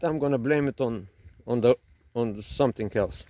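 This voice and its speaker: A man's voice: mid-range voice, moderate pace, mellow, no room sound. A man with a non-native English accent hosting a vlog, chatting casually and teasing in a mock-announcer way. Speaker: vlog host. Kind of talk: casual joking chat. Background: birds calling.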